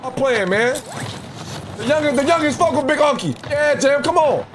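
A man's voice: extremely high pitch, animated, moderate pace. A man giving boisterous, taunting gameplay commentary in swaggering slang as a streamer. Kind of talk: trash-talking gameplay commentary. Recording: gameplay audio with noise behind.

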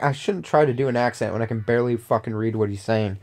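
A man's voice: medium pitch, quick pace, few pauses, a little mellow. A man giving crude, joking commentary while playing a video game with a friend. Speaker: gameplay commentator. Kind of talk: casual gaming commentary.

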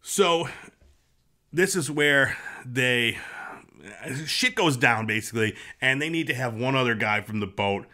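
A man's voice: mid-range voice, lively intonation, a little slow, pushed and bright. A man hosting a casual podcast chat, rambling with fillers and restarts and acting out quotes. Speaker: podcast host.

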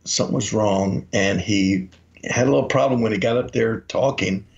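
Gravelly man telling rambling stories. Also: fairly low pitch, moderate pace. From Memphis, Tennessee. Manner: rambling anecdotes, acts out quotes. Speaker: podcast co-host. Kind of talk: casual storytelling. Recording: dull lo-fi audio.

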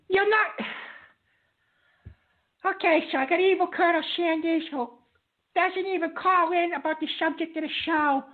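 A man doing a very high, flustered talk host. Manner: flustered, stammering, quick to rage. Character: high-voiced, hot-tempered male call-in show host. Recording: lo-fi phone-like sound.

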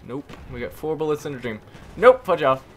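Excitable young man, hoarse, gameplay commentary. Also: on the high side, a little fast, slight background noise. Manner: excitable, exclaiming and groaning at teammates. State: hoarse, losing voice. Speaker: gaming YouTuber. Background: faint gunfire from the game.

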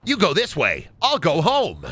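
A man voicing a bossy young cartoon gang leader, speaking briskly and talking down to the others. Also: on the high side, wildly swooping pitch, pushed and bright, breathy edge, no room sound, pitched above the performer's own voice, full character voice.

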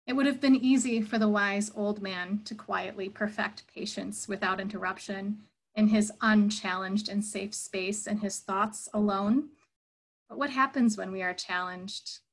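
A woman's voice: medium pitch, fairly even intonation, a little slow, rough recording. A woman giving a reflective sermon at an online church service, earnest and thoughtful, telling a story.

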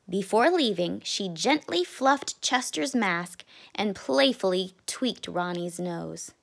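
Teacher lady doing a read-aloud, slow and lively, sing-songy pitch. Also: vocal fry. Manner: expressive and deliberate. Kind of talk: read-aloud storybook narration.

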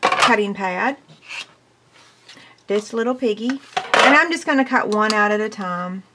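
American woman, mid-pitched, chatty craft demonstrator, dish clatter behind. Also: unhurried, heavy background noise. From United States. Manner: chatty and excitable, talks while working. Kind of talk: hands-on crafting tutorial.

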